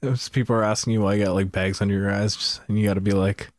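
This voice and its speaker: A man co-hosting a podcast in playful, teasing chat, quick to laugh. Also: fairly low pitch, fairly even intonation, dry recording. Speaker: podcast co-host. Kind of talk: casual chat.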